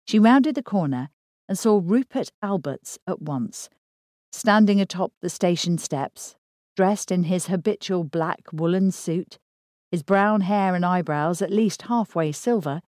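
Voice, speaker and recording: A woman narrating a thriller novel in a steady, measured read. Her voice sits low and sounds mellow and warm, recorded close and dry with no room echo. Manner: measured, even storytelling. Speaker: audiobook narrator. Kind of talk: scripted narration.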